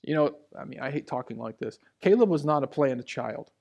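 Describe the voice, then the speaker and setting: A man in his thirties delivers a sermon from a church stage, telling personal stories in a conversational way. His voice has a gravelly, creaky edge. He moves from quiet asides to raised, emphatic lines. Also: fairly high pitch, animated, fairly quick. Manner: conversational, storytelling, swings between hushed asides and raised emphasis. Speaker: pastor. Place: church sanctuary. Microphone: handheld or stage mic.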